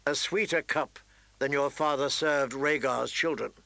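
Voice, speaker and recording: Narrator as a grave, dry-spoken lord, bright and close. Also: male voice, medium pitch, measured pace, creaky, no echo. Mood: stern. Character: stern honorable nobleman, grave lord.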